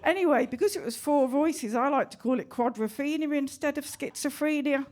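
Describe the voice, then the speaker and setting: Woman comic, higher voice, deadpan stand-up, comedy club. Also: a little fast.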